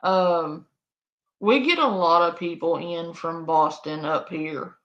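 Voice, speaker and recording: A woman hosts a live stream, chatting through reaction clips in an amused, easygoing way. She talks at an unhurried pace. Her audio is somewhat dull and lo-fi. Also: on the low side, a bit bright. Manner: amused, laughs often. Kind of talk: casual live reaction commentary.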